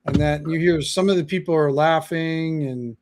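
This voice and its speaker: A man narrating as game master in a halting, casual way, full of fillers. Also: on the high side, a little mellow. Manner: halting, lots of fillers and restarts.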